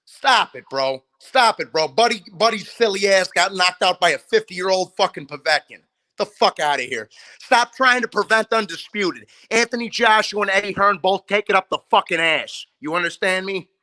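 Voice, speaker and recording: A man's voice: high voice, lively intonation, normal speed, pushed and bright. A man co-hosting a sports talk show, trash-talking boxers in profane, mocking banter and slipping into joke voices.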